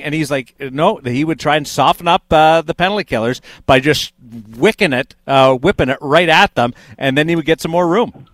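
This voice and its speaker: A man's voice: on the high side, fairly bright tone, dry recording. A man hosting a sports talk show, chatting conversationally with guests.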